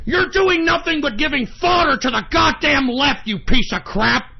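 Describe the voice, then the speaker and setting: A man hosting an internet radio show, ranting angrily and profanely, often shouting, on a dull lo-fi recording. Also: extremely high pitch, moderate pace, creaky. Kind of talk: angry talk-radio rant. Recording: dull lo-fi sound.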